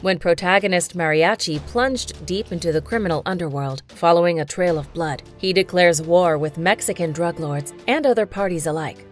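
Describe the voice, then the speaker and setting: Brief: female narrator, slightly low voice, measured scripted countdown read over soft music.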